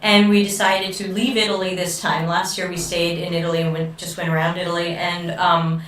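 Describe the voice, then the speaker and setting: A woman's voice: fairly low pitch, flat delivery, brisk, a bit bright, a little hiss or hum. Chatty woman co-host, casual live Q&A, roomy and a bit distant from the mic. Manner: chatty, reads out viewer comments. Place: room in a home, in Luxembourg.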